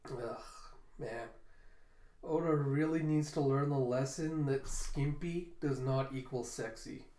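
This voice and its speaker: A man's voice: mid-range voice, takes it slowly, mellow, a little hiss or hum. A man giving a casual, sardonic comic chapter review. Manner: sardonic, opinionated. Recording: echoey room.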